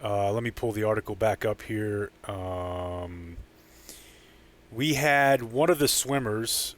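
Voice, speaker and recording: A man's voice: on the low side, slow pace. A man co-hosting a casual comedy podcast, wry and jokey, laughing at his own bits. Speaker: podcast co-host.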